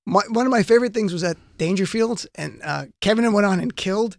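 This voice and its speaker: A man's voice: high-pitched, brisk, gravelly, no room sound. A man hosting a radio show from a studio, chatting with a guest in a casual interview and laughing often as he tells stories. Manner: animated, laughs often while telling stories. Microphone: studio microphone.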